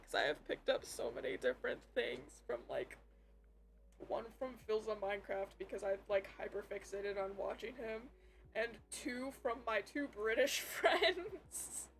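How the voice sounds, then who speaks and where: A young woman talks through a gaming stream at her home desk, a fairly high voice that keeps swearing and breaking into loud outbursts. A faint hum sits under her mic. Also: lively intonation, measured pace, creaky. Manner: swears a lot, loud outbursts while playing. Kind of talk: casual gaming stream chat. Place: home room with a computer.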